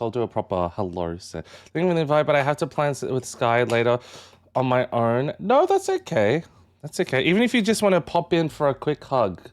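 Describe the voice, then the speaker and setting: A man streaming live, chatting casually with his viewers and greeting chat members one by one. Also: mid-range voice. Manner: animated, jumps up into excited yelps.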